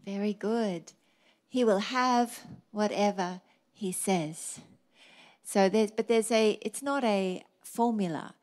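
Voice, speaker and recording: Middle-aged woman pastor, lively storytelling sermon. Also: takes it slowly. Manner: lively storytelling preaching, varied pitch.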